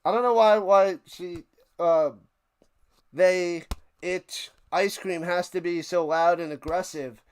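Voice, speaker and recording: A man's voice: high voice, fairly even intonation, slow pace, clear, resonant tone. Joking man calling football play-by-play. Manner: joking, rambling asides between plays. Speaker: play-by-play commentator and stream host. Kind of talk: casual live sports commentary.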